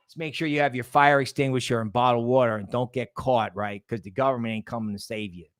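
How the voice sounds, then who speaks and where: A man's voice: mid-range voice, fairly even intonation, quick pace, no room sound, clean studio sound. A man hosting a casual livestream, rambling and greeting chat members by name. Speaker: livestream host.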